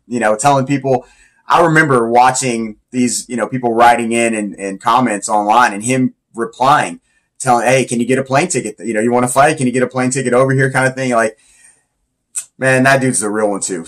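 Slangy, rambling man talking casually. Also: medium pitch. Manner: loose, rambling, slangy and enthusiastic. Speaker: Muay Thai fighter counting down his influences. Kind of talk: casual countdown talk.

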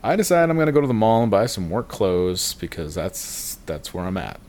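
Low-voiced man, rambling and self-mocking. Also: sing-song, moderate pace, darkish tone. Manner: rambling, self-deprecating, profane, often laughing. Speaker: podcast guest telling a story. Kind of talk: casual comic storytelling.

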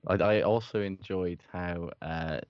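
Deep-voiced, dry male podcast host. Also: fairly even intonation, a little slow, clean tone, no room sound, highs cut off. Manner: dry, wry, understated. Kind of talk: casual chat.

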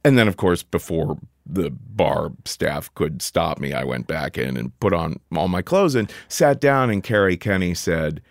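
Lively storytelling man, low voice. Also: unhurried, hardly any pauses, dry recording, clean studio sound. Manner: animated, jumps in pitch when quoting himself. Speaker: podcast guest. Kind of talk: casual storytelling conversation.

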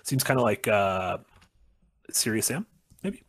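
Husky-voiced man co-hosting casually. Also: on the low side, a little slow, no room sound. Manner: chatty, speeds up when excited. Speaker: stream co-host. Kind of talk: casual chat.

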